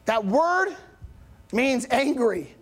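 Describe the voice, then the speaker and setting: A male pastor giving a relaxed, conversational sermon in a church. He talks like he's chatting with friends, checking in with the congregation and pushing his voice up with emphasis on the big points. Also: very high voice, extremely slow. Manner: animated, rising emphasis on key points.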